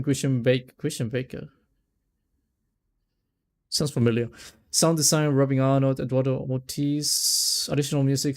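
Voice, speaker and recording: Male streamer, mellow tone, rambling casual chat, trips over names. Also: medium pitch. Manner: rambling, stumbles over names, laughs often. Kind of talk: casual let's-play chat.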